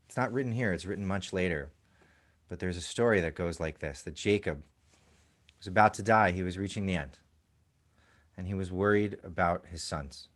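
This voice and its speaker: A man leading a prayer service, telling a legend in a gentle storytelling sermon with soft hushing sounds. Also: deep voice, normal speed, long pauses.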